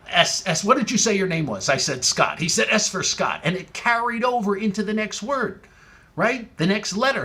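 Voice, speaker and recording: A man telling a comic story in stand-up style, full of wordplay and building to punchlines. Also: high-pitched. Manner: wordplay-heavy, rising excitement in punchlines. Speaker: comedian.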